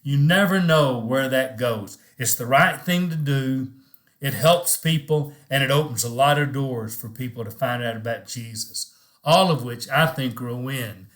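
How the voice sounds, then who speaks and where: A man's voice: mid-range voice, measured pace, a bit bright. Middle-aged male minister, plain earnest delivery, casual encouraging talk to camera.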